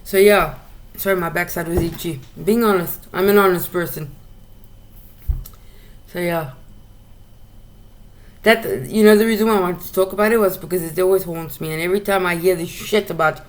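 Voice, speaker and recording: A woman's voice: on the low side, steady tone, moderate pace, long pauses. A woman hosting a solo talk show, ranting bluntly with lots of swearing and repeated words as she gets heated. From South Africa. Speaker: podcast host ranting solo. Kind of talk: casual monologue rant.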